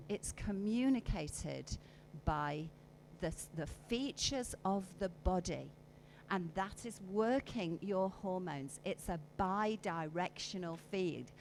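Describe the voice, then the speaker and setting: A conference speaker runs a live workshop in a conference hall, guiding listeners through exercises and voicing emotions dramatically. Her voice is lowish. The audio is poor, with slight background noise.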